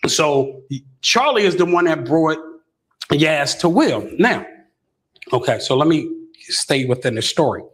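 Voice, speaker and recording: A middle-aged man with a fairly high voice tells a dramatic story as an interview guest. He stammers through restarts and keeps asking "right?" He raises his voice higher still when quoting other people. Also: expressive, unhurried, fairly bright tone.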